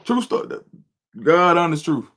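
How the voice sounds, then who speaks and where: A middle-aged man, telling a story in casual livestream chat as a volunteer coach and host, getting loud and high when he quotes himself. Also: expressive, moderate pace. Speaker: volunteer youth football coach and show host.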